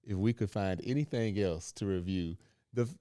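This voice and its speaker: A man co-hosting a casual podcast, animated and prone to rising into rants. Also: low voice, normal speed, clean tone, no room sound, studio quality. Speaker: podcast co-host.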